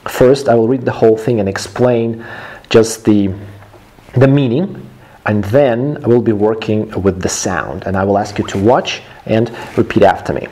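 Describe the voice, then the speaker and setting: A man's voice: fairly low pitch, normal speed, warm tone. Man explaining English phrases. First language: Russian. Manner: explains phrases in simple words and translates them. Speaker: English teacher. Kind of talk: language lesson.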